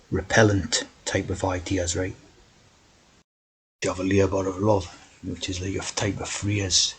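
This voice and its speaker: A man's voice: sits low, husky, poor audio. A man talking in a rambling monologue, tagging his points with "right?". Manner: meandering, keeps asking "right?". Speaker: video host.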